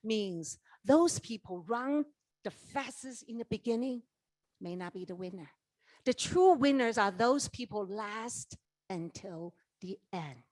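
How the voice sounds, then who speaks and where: Middle-aged woman, animated motivational speaker on a stage mic, dry sound. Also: medium pitch, a little slow, dry recording. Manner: animated storytelling, acts out dialogue, asks the audience questions. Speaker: network marketing leader giving a keynote. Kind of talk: motivational speech. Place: conference stage.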